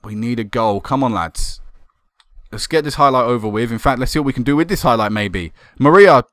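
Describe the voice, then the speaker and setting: A young man commentating on a football management game, excitable and swearing when it goes wrong. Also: mid-range voice, a little fast, no room sound. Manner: excitable, swearing and laughing at goals. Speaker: gaming commentator.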